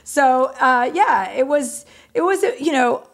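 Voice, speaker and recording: A woman's voice: sits high, expressive, measured pace. A woman comedian, a guest in a casual interview, telling candid stories, acting out quoted conversations and using many fillers like "you know".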